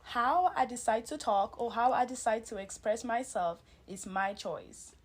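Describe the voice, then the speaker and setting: High-voiced sassy woman from Cameroon. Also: normal speed, husky. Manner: sassy, emphatic, mock-indignant. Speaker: podcast co-host. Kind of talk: casual chat.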